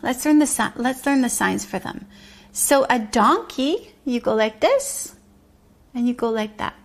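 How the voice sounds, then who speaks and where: A woman leads a preschool sing-along lesson, her high voice carrying a gravelly edge. She talks slowly and gently, singing simple songs and making animal sounds for the children. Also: expressive. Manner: patient, gently encouraging teacher talk. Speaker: preschool teacher.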